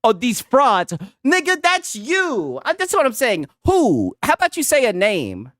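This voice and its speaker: A man's voice: high-pitched, wildly swooping pitch, normal speed, fairly bright tone, no room sound, clean studio sound. A man streaming casual reaction commentary, laughing and swearing as he mocks a clip. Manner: profane, laughing, mocking.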